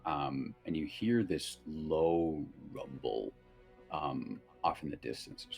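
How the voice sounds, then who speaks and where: A man narrating a tabletop game as game master, in a loose, relaxed way with lots of fillers. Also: a bass voice, slow pace, gravelly, faint music behind.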